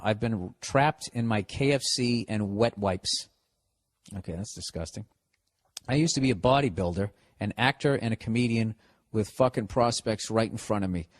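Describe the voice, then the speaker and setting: A man's voice: mid-range voice, a little hiss or hum. Profane sarcastic man with a Boston accent. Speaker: podcast host. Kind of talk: casual comedic advice monologue. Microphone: podcast studio mic.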